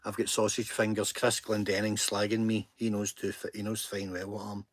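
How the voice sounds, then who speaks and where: A man's voice: on the low side, monotone, normal speed, no room sound. A Scottish man hosting a casual live stream, talking earnestly and poking fun at himself. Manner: earnest and self-deprecating, chatty. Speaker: livestream host.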